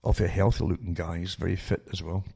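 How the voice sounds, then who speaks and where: A man's voice: low voice, fairly even intonation, quick pace, gravelly, warm tone, husky. An older man hosting a talk radio show, rambling with many restarts and sarcastic asides that end in "eh?".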